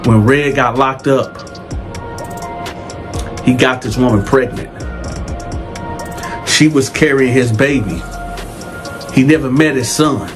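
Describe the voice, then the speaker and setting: Slow male narrator over music. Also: mid-range voice. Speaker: storyteller. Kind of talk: dramatic teaser narration.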